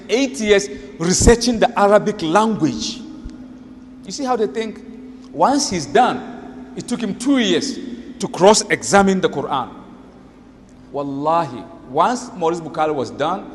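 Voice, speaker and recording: A man's voice: high voice, big-room sound, slight background noise. A man preaching, telling a story with drama and rhetorical questions to his listeners. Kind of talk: storytelling sermon.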